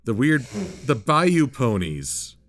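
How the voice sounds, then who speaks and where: A man hosting a casual chat, playful and jokey with animated asides. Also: medium pitch, takes it slowly, a little hiss or hum. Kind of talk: casual video-call chat.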